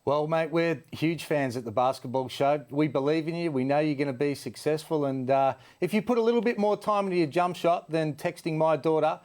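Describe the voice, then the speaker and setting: Male co-host, somewhat high voice, hearty and effusive with guests. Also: brisk, few pauses, a little mellow. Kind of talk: studio sports show hosting.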